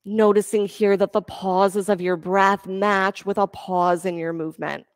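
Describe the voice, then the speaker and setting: Woman, yoga instructor, encouraging, medium pitch, dry sound. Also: unhurried, dry recording. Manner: calm, encouraging cueing of breath and poses. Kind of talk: guided yoga class instruction.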